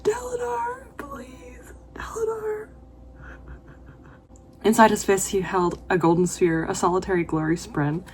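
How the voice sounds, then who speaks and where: A woman's voice: fairly low pitch, steady tone, a little fast, hardly any pauses, slightly rough. A woman book vlogger reading passages aloud in a casual vlog, reacting emotionally with gushing comments. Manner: emotional, gushing reactions with laughs and whispered asides.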